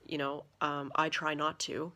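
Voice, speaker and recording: A Canadian woman in her thirties, telling a story to camera in a chatty, animated way full of fillers. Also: low voice, a little slow. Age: 30s. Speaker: vlogger.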